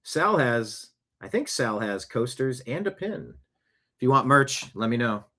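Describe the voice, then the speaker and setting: A man talking in an ordinary mid-range voice, hosting his own show. He tells stories casually, with lively bursts of energy. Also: mid-range voice, measured pace. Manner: chatty, animated storyteller. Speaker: show host. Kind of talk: casual storytelling monologue.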